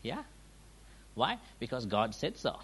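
A man preaching a sermon, driving his points home with rhetorical questions and quick checks like "huh?" and "yeah?", his volume rising and falling for emphasis. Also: medium pitch, big pitch swings, fairly bright tone, a little hiss or hum. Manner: emphatic, swings between raised and dropped volume.

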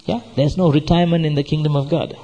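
A man preaches with a husky, slightly breathy voice and a dark, mellow tone. He exhorts his listeners in a sermon, repeating phrases and firing questions at them. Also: on the high side, fairly even intonation, quick pace, lo-fi sound. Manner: exhorting, repetitive, asks the audience questions. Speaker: pastor.

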